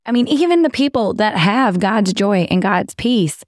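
A raspy-voiced woman from Texas with a Southern twang, co-hosting a casual faith podcast and speaking emphatically straight to listeners. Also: medium pitch, lively intonation, moderate pace, a little mellow, no echo, studio quality. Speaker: podcast co-host.

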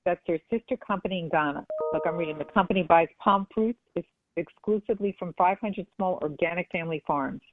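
On a tinny phone line, a woman with a lowish voice talks briskly as an interview guest. She is casual yet earnest and keeps restarting her sentences.

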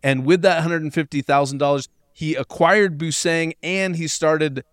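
A man with a fairly high, smooth voice recounting a story on a podcast. He speaks wryly and casually, with frequent "uh"s, in a dry, close recording. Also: steady tone, moderate pace, dry recording. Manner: wry, conversational, lots of fillers. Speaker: podcast co-host.

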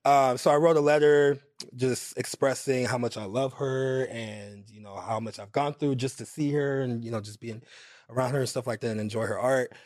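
A man's voice: mid-range voice, normal speed, dry recording. Man telling a rambling story, dry sound. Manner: animated, rambling anecdotes with many fillers. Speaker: podcast guest. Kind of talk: casual storytelling chat.

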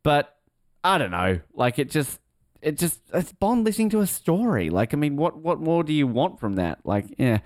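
Rambling man on a lively podcast. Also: fairly high pitch, normal speed, no echo, studio quality. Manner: rambling, self-interrupting, laughs often. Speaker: podcast co-host. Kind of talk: casual chat.

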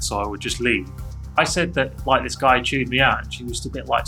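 A man's voice: medium pitch, a little fast, bright, forceful tone, soft background music. A man telling a candid, self-critical personal story in an interview, with frequent restarts.

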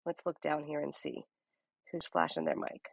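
Energetic woman coach leading a live audio room, dry close-mic voice. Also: low voice, normal speed, vocal fry, slightly rough, dry recording, lo-fi sound. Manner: lively, uses many rhetorical "okay?" check-ins.

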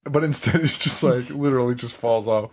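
A man's voice: medium pitch, brisk. A man hosting a podcast, chatting casually about a horror movie, laughing and acting out scenes. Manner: animated, laughing, acts out movie lines. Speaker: podcast host. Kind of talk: casual movie review chat.

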